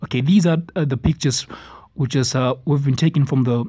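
A man's voice: medium pitch, fairly quick, dark tone, no room sound. A man giving a preachy response-video commentary, stumbling over words as he reads passages aloud. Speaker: religious commentator. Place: South Africa.

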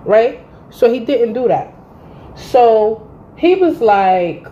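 Animated woman telling a profane story. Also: fairly high pitch, takes it slowly, long pauses, dull audio, slight background noise. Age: 30s. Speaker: vlogger. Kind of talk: storytime vlog.

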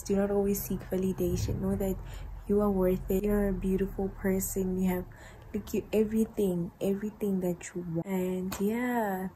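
Tired woman speaking softly, half whispering. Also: medium pitch, a little hiss or hum, low-quality recording. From South Africa. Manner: often whispering, gentle and earnest. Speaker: vlogger. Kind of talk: soft-spoken vlog outro.

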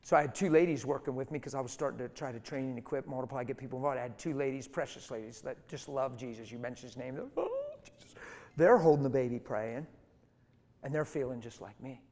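A middle-aged man preaches to his congregation, telling his story with lively, emotional swings and acting out the other people's voices. His voice has a middle pitch, neither low nor high. The sound carries the long reverb of a big hall. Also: fast talker. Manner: animated storytelling, acts out voices. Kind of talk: sermon.

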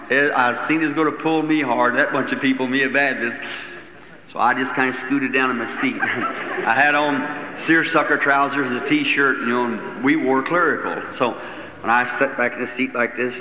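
A man preaching a sermon, telling a story in a folksy, chuckling way and acting out the dialogue. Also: mid-range voice. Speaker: evangelist preacher. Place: church meeting hall. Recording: roomy hall, lo-fi old tape, faint hiss.

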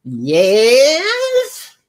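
A shrieking male devil bellows, announcing himself with slow, stretched-out cries, as a comedian puts him on. The voice jumps far above a man's normal speaking pitch into a strained, theatrical shout. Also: wildly swooping pitch, exaggerated voice.

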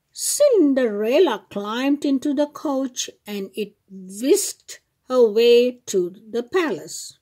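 A woman hosting a children's channel, reading a fairy tale aloud in a slow, expressive way. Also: on the high side. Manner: slow, expressive, sing-song read-aloud.

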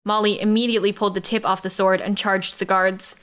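A woman narrating a science-fiction romance audiobook in the first person, with steady, even storytelling. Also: medium pitch, a little fast, smooth.

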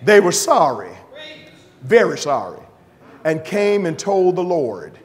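A man preaching a fiery church sermon, shouting in drawn-out phrases and calling on the congregation for praise. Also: on the high side, very animated. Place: church sanctuary. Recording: reverberant hall, faint congregation.

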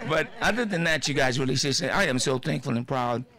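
At a dedication on an outdoor sports field, an older man gives a rambling, joking and heartfelt informal speech. His mid-range voice is expressive and fast with a sharp tone.

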